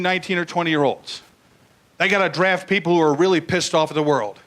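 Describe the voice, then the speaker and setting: A man's voice: high voice, bright, forceful tone, low-quality recording. An older man doing a crude, blunt stand-up comedy routine, acting out bits in put-on voices.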